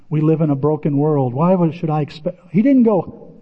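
Man, storytelling preacher, lively and self-mocking; lo-fi hall recording with long echo. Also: fairly high pitch, normal speed. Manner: animated, self-mocking, acts out his own reactions. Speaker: preacher telling a personal story. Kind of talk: storytelling sermon. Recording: dull, echoey large hall.

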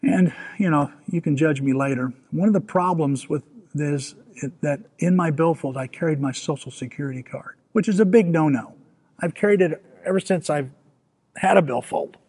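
A man preaching a storytelling sermon, animated and self-mocking, acting out the scenes he recounts. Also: on the high side, moderate pace, slightly rough. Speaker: pastor. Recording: long hall reverb.

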